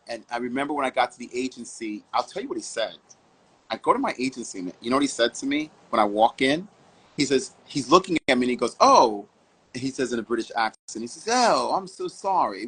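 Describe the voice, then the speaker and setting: A man from Harlem, New York, appears as a fashion model guest in an interview, answering with animated stories full of vivid asides. His medium-pitched voice is husky and quick, heard through a low-quality recording.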